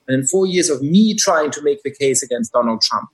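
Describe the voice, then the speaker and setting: A man's voice: a little high, animated, fairly quick, hardly any pauses, slightly rough, low-quality recording. A man with a German accent, a podcast guest, making his case analytically with many hesitant fillers. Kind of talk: podcast conversation.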